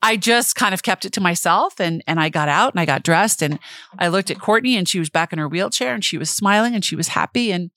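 A middle-aged woman co-hosting a podcast, telling a personal story in casual chat with an excitable, fast way of talking and frequent laughter. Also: lowish voice, dry recording, studio quality. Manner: laughs often while telling stories. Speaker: podcast co-host.

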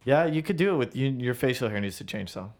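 A man's voice: mid-range voice, expressive, fast. A young man co-hosting a casual chat, teasing his friends with dry ribbing. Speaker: podcast co-host.

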